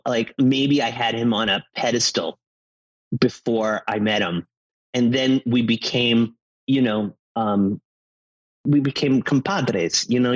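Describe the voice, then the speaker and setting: A man in his fifties, an actor, chatting casually and telling animated stories. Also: medium pitch, slightly rough, no echo, lo-fi sound. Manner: animated storyteller, acts out quotes. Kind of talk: casual chat.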